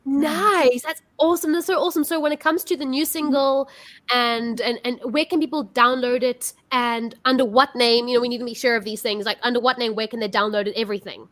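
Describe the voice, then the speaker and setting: Chatty female host, high and bright, gushing over the songs. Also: steady tone, a little fast, no room sound. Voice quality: bubbly, gushing. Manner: chatty with many fillers and restarts. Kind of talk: casual chat.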